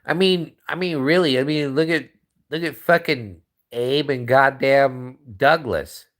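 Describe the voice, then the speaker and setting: A man's voice: mid-range voice, a little slow, a bit bright. A man hosting a livestream, ranting in a profane, rambling way and restarting his sentences often. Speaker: livestream host. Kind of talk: casual livestream rant.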